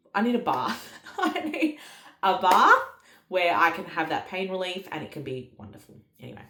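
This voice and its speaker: A low-voiced woman tells a story in a casual, candid way, swearing freely and acting out her own past lines. Her pitch swings widely as she talks. The recording has a noticeable room echo. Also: sharp tone. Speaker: mother telling her birth story. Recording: echoey room.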